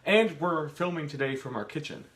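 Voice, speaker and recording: A man's voice: a little high, lively intonation, normal speed, a bit bright. A man co-hosting a live home Q and A from his kitchen, chatting casually and rambling with jokes and restarts. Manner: rambling, jokey, trails off and restarts. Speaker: co-host of a live Q and A.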